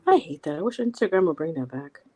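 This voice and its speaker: A woman's voice: deep voice, animated, fast, darkish tone. A woman co-hosting a casual livestream chat, teasing viewers playfully and sometimes dropping to a near whisper. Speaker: livestream co-host.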